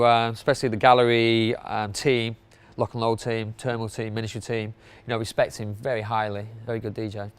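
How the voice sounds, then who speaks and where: A man's voice: mid-range voice, clean tone. A man counting down his favourite club DJs in a casual, rambling way, with many fillers and restarts.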